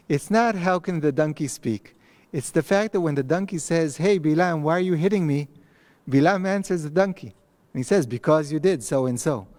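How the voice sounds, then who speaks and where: A man, giving a recorded text lecture in an empty study hall, speaking thoughtfully with pauses and restarts. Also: fairly high pitch, a little mellow. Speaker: rabbi teaching a text class. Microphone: microphone.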